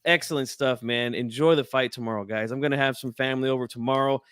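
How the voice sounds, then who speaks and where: A man hosting a live boxing call-in show, chatting in a relaxed, friendly way. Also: mid-range voice, quick pace, smooth, dry recording, clean studio sound. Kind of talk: casual live-stream chat.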